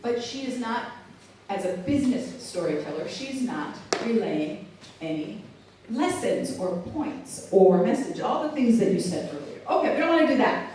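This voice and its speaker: In a mid-range voice at normal speed, a woman presents a live keynote before a hall audience, playful and conversational, frequently putting questions to listeners. There's slight background noise, heavy hall echo, and the microphone is far away.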